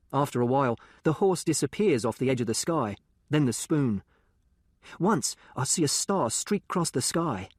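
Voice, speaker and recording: A man's voice: medium pitch, no echo. Earnest male reader telling a boy's tale. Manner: plain, earnest storytelling with working-class turns of speech. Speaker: audiobook narrator. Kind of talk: first-person narration of a boy. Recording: dry close studio sound.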